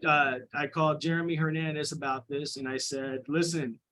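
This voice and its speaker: A man who coaches high school girls lacrosse, making an indignant, emphatic complaint at a committee meeting and often restarting his sentences. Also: flat delivery, a little fast, pushed and bright, rough recording. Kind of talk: public comment at a committee meeting.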